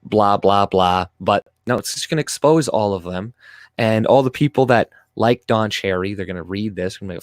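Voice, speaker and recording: A man's voice: fairly low pitch, moderate pace, no room sound, clean studio sound. A young man whose first language is French, hosting a casual livestream and reading chat comments aloud in a sarcastic, profane rant. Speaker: livestream host.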